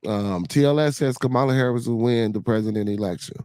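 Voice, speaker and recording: A man's voice: mid-range voice, moderate pace, few pauses, darkish tone, smooth, no echo. A man hosting a casual livestream chat, talking in a loose, rambling way with many fillers and a Chicago accent. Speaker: podcast host.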